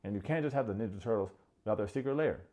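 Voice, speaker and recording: A man hosting a comedic TV recap, sarcastic and quick to mock. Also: mellow. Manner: sarcastic, acts out quotes in high mocking voices. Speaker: recap show host.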